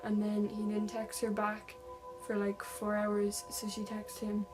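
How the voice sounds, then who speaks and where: A woman's voice: medium pitch, monotone, unhurried, music in the background, low-quality recording. A young woman vlogger casually retelling a true-crime story, reading text messages aloud with lots of "like" fillers.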